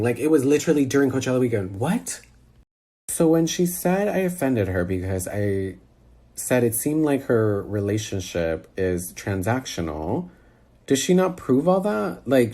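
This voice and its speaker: A man reacts over a phone call in a sassy, incredulous tone. His voice is husky and swoops all over. The talk stays loose and animated. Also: medium pitch, normal speed. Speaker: commentator reacting to a video. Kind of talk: casual reaction chat.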